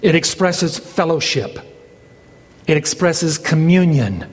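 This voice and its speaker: In a long, reverberant hall, a male pastor preaches slowly and expressively with a fairly high-pitched voice. The sermon turns dramatic, his voice rising as he gives voice to the dialogue between Jesus and Peter.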